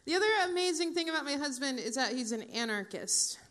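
A woman's voice: high-pitched, a bit bright. A woman in her forties doing a stand-up comedy set, with dry, profane, self-mocking asides to the audience.

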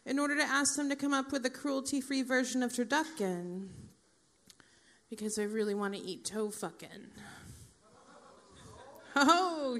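A woman in her forties doing a stand-up comedy set, with dry, profane, self-mocking asides to the audience. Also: high-pitched.

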